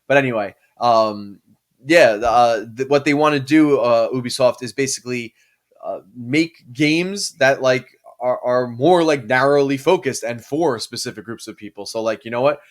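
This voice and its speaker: A man's voice: mid-range voice, normal speed. Rambling casual male podcast co-host. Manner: rambling, frequent fillers and restarts. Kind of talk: casual chat.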